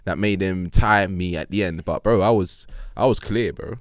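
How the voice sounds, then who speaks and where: A man's voice: sits low, moderate pace, no echo, studio quality. A young man, co-hosting a podcast with a friend, arguing playfully and tripping over his own words. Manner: playful, argumentative, stumbles and repeats words. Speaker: podcast co-host. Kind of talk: casual banter between friends.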